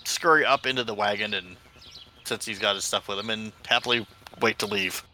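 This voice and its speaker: A man's voice: lowish voice, fairly quick, sharp tone, slight background noise. A man playing a tabletop role-playing game, talking casually and a little hesitantly. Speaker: player.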